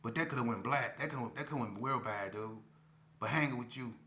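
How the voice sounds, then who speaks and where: A man's voice: medium pitch, fast, bright, forceful tone. A middle-aged man telling a story from his past in a laid-back, slangy way, with lots of "you know" fillers. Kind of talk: casual street storytelling.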